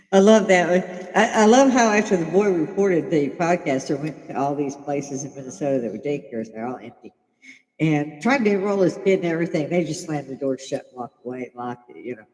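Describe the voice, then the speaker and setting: A woman's voice: deep voice, normal speed, darkish tone. An older woman from Chicago chats casually on her livestream, blunt and profane, breaking into laughter often. Her voice carries a long, echoing reverb around it. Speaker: livestream host. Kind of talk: casual opinionated livestream chat.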